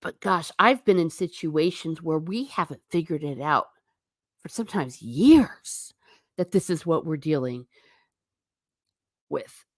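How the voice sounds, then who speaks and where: A woman's voice: deep voice, lively intonation, unhurried, long pauses, dry recording, clean studio sound. A woman hosting a casual livestream, chatty and emphatic, reading viewer comments aloud and answering them. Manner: chatty and emphatic, repeating for effect. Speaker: livestream host.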